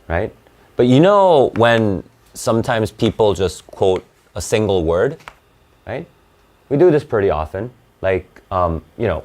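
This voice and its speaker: A man with a lowish, slightly mellow voice teaches an SAT class in a live online lecture. He explains things in bursts and checks in with "right?" and "okay?"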